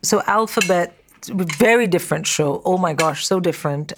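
A woman talks candidly as a comedian guest over a lunch interview. Her voice sits on the low side for a woman, and she tells stories bluntly, with lively quick asides. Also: slight background noise. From India. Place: at a restaurant table over lunch.

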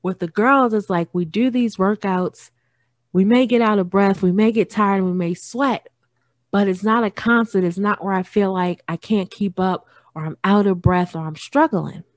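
A woman's voice: medium pitch, normal speed, no room sound, clean studio sound. A woman in her thirties hosting a solo podcast, talking earnestly about parenting and repeating phrases for emphasis. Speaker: podcast host. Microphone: studio microphone.

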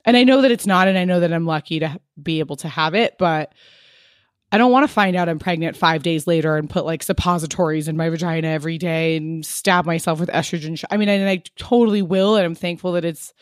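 A woman's voice: fairly low pitch, fast, no room sound, studio quality. Frank, rambling woman in her thirties. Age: 30s. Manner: frank, rambling, heavy use of "like". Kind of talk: candid personal chat.

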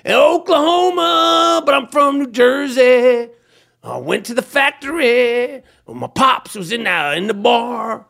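A mumbling, working-class male rock singer, as a man mockingly puts him on. The voice sits low and drifts off the mic. Even so, it stays fairly high for a man. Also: measured pace, vocal fry, full character voice.

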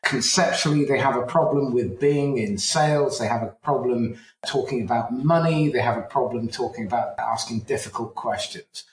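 A man's voice: mid-range voice, normal speed, hardly any pauses. A man hosting an interview, asking thoughtful, probing questions. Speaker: podcast host. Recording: roomy echo.

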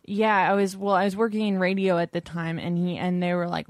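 A woman co-hosting a podcast in casual chat, animated and laughing, with mock-outraged rants. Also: fairly low pitch, brisk, hardly any pauses, dry recording, clean studio sound. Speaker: podcast co-host.

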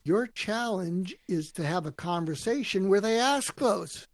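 A man telling stories in an interview, acting out quoted lines with lively voices. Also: sits high, unhurried, dry recording, studio quality. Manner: animated storyteller acting out quotes. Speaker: guest, author and speaker. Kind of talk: storytelling interview answers.

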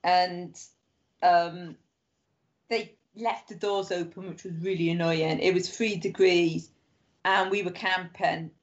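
A woman's voice: lowish voice, steady tone, takes it slowly. A woman telling rambling anecdotes as a podcast guest, full of "like" and acted-out quoted voices. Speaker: guest author. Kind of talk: casual chat. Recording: muffled lo-fi sound.

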